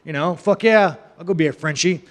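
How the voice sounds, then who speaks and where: A man's voice: a little high, brisk. Rambling profane young man, echoey. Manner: profane, rambling, laughing asides. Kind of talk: casual storytelling.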